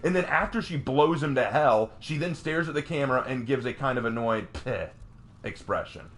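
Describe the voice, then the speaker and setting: A man streaming a game, ranting casually in an animated, mocking way, with frequent restarts and stammered repeats. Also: medium pitch, brisk.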